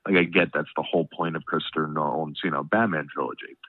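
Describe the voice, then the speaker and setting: A man's voice: rumbling low, fairly even intonation, fast, no room sound. A man hosting a casual podcast chat, rambling and padding his talk with "you know what I mean", his nose stuffed up. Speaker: podcast host. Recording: tinny phone-like line, dry.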